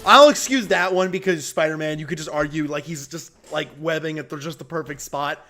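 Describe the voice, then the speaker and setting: A man's voice: a little high, fairly quick, bright, forceful tone, faint music behind. A man giving casual, profane, opinionated commentary while he plays a game. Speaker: gaming streamer.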